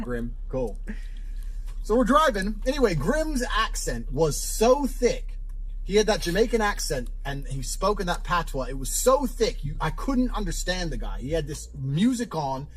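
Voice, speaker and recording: A man telling a brash, swaggering, profane travel anecdote in a lively storytelling manner. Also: on the high side, a little hiss or hum, poor audio.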